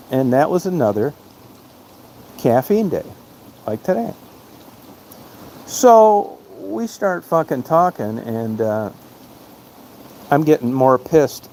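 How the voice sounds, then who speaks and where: A man's voice: medium pitch, a little mellow, a little hiss or hum. A man telling a long personal story in a casual monologue, blunt and heavy on swearing, rambling from one anecdote to the next. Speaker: podcast host.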